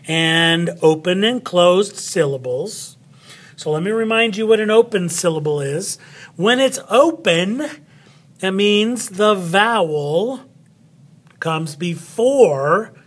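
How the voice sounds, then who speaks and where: A man walks students through a spelling lesson in an upbeat, chatty way. He talks at an unhurried pace in a fairly high voice. Playful asides break in while he cuts and glues cards. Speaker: teacher.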